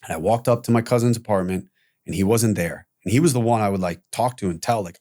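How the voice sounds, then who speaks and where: Man telling a candid story, animated. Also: fairly low pitch, quick pace. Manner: animated retelling with profanity, acting out quoted voices. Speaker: podcast guest.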